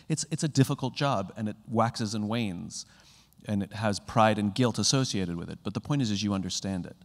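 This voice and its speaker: A man giving a motivational keynote talk to a live audience. He is animated and acts out little conversations, jumping up in pitch as he does. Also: brisk. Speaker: keynote speaker. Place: conference hall with a live audience. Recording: long hall reverb.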